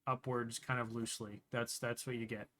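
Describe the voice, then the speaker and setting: A man's voice: medium pitch, little pitch movement, normal speed, a bit bright. A man narrates a tabletop game as its game master. He wanders through his descriptions, stopping and restarting as he hunts for the right word. His delivery is loose and conversational. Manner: meandering, searching for words mid-sentence.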